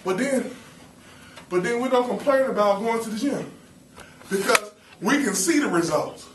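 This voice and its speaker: A young man preaching a lively, playful sermon to a campus ministry, calling out questions to his listeners. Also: sits high, normal speed, slight background noise. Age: young adult. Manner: animated, playful, calls to the audience. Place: campus ministry meeting room. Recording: roomy hall, mic at a distance.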